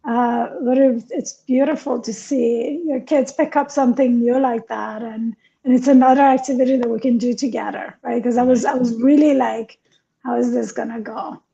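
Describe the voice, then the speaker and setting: High-pitched, laughing European woman. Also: moderate pace, creaky, highs cut off. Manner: laughs often, chatty and animated. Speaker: podcast co-host. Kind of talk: casual chat.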